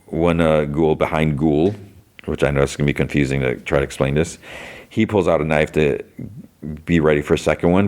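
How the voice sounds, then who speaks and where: A man with an extremely low, deep voice talks through a story recap in a relaxed podcast style. His delivery is rambling and loose, with "like" dropped between nearly every phrase. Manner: rambling, heavy use of "like". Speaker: podcast host. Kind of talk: casual episode recap.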